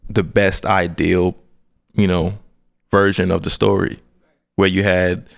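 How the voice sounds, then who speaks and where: A man's voice: low-pitched, little pitch movement, slow, creaky. A man co-hosting a podcast, who mostly backs the others up with short agreements and now and then makes a point in casual chat. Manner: supportive listener, lots of short agreements. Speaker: podcast co-host.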